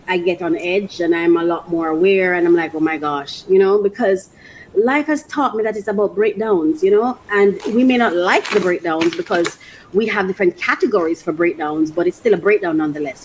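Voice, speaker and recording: A woman's voice: lowish voice, brisk, background noise. A woman vlogger chatting casually as she unboxes, exclaiming often and laughing between phrases. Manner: thinks aloud about her life.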